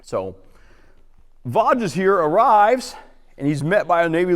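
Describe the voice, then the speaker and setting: A man giving an informal history talk to a roundtable audience, chatty and acting out quotes in lively voices. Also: sits high, slow, long pauses, long reverb tail. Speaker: guest historian. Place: lecture hall.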